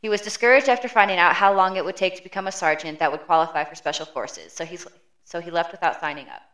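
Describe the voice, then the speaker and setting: A woman co-hosting a true crime podcast, reading a prepared case summary in a steady, matter-of-fact way. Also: fairly low pitch, quick pace. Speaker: podcast co-host.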